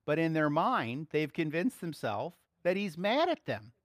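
A man preaching a sermon, swinging between soft, quiet asides and loud, excited exclaiming. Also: a little high, unhurried, no room sound, clean studio sound.

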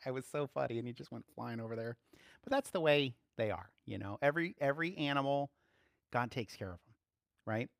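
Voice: medium pitch, no echo, clean studio sound. A pastor giving an informal, conversational sermon, acting out quotes and small voices and chuckling now and then. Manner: animated, acts out little voices and quotes.

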